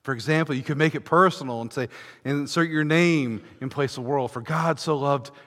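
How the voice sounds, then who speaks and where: A man preaching a sermon in a church, fervent, swelling from hushed passages to ringing declarations. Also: fairly high pitch, a little fast. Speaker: pastor. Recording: long reverb of a large church hall.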